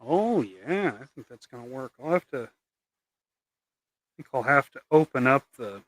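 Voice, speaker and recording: A man's voice: mid-range voice, expressive, moderate pace, a bit bright, no echo. A man hosting a casual livestream while he paints custom action figures, rambling and trailing off into mumbles.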